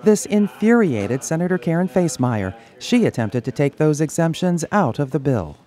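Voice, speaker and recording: A man anchoring a legislative news program, reading scripted copy in a measured, even way. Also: on the high side.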